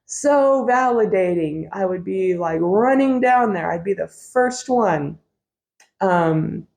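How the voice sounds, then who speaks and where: A woman's voice: deep voice, vocal fry, darkish tone. A middle-aged woman hosting a podcast, telling a personal story in a candid, wry way, swearing freely and laughing often. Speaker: podcast host.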